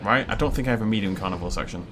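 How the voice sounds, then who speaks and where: A man's voice: fairly low pitch, racing, fairly bright tone, slight background noise. Young man rambling through game commentary. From Wales. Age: young adult. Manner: rambling and jokey, laughs often. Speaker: gaming video host. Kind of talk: casual let's-play commentary.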